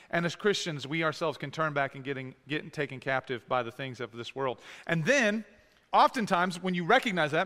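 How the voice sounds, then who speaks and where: High-voiced earnest male preacher. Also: sharp tone, in a large hall. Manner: earnest, pleading, with rhetorical questions. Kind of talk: sermon.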